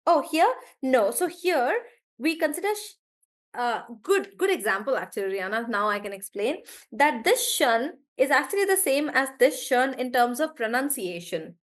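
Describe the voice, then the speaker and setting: A woman teaching English pronunciation in a live class, repeating each word slowly to model the stress and calling on students by name. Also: high-pitched, big pitch swings. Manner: calls on students by name and checks in with them.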